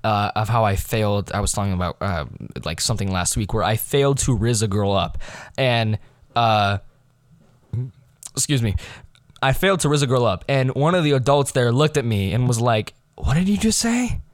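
A man's voice: fairly low pitch, moderate pace, dry recording, studio quality. A teenage boy hosting his own podcast, telling stories in a rambling, self-deprecating way with lots of fillers and restarts. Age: teens. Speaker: podcast host. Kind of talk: casual storytelling monologue.

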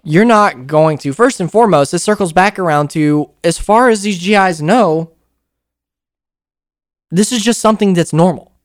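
An American man hosting a casual paranormal podcast, telling stories in an animated way with frequent laughs. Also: high voice, moderate pace. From United States. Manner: animated storyteller, laughs often, acts out quotes. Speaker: podcast host.

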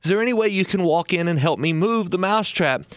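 A man's voice: sits high, expressive, a little fast, dry recording, clean studio sound. A man voicing a male farm mouse who earnestly pleads for help, told as a storybook tale. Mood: pleading.

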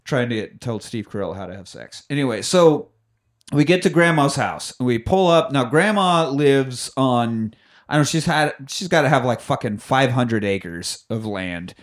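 A man co-hosting a podcast, recapping a movie in casual chat. His voice is mid-pitched and very lively, swinging up and down as he jokes and swears his way through the story. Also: normal speed. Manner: animated, profane, jokey retelling. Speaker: podcast co-host.

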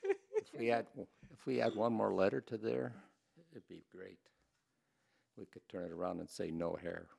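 A man's voice: fairly low pitch, animated, normal speed, gravelly, long pauses, warm tone. A man hosting a casual podcast chat, joking around in a laid-back way. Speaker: podcast host.

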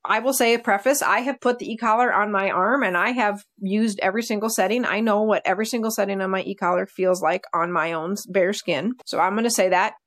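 A woman dog trainer in casual podcast conversation, telling lively stories and acting out her dogs' reactions. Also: mid-range voice, a little fast, hardly any pauses.

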